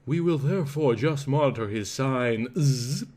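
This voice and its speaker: A man voicing a middle-aged doctor who grumbles in a low, conspiratorial way. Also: unhurried, a little mellow, natural voice. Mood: grumbling.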